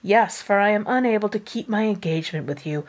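A woman reading the lines of a strained, evasive young gentleman in a subdued, halting way. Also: mid-range voice, close to an everyday voice. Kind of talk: reading aloud.

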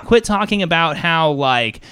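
A man's voice: fairly high pitch, lively intonation, unhurried, noisy background. A man co-hosting a podcast in casual chat, ranting emphatically and swearing often. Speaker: podcast co-host.

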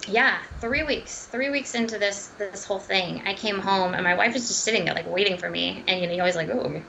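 A woman, a dietitian and runner, telling her story as a podcast guest in a chatty, animated way, full of fillers, restarts and laughs. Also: mid-range voice, fairly quick, creaky, a little hiss or hum, low-quality recording. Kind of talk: casual podcast interview storytelling.

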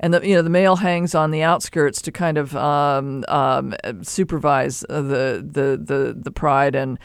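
High, gravelly-voiced man giving pet advice. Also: measured pace, no echo, studio quality. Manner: animated explaining, with playful asides. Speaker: pet behavior expert host. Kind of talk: call-in advice show.

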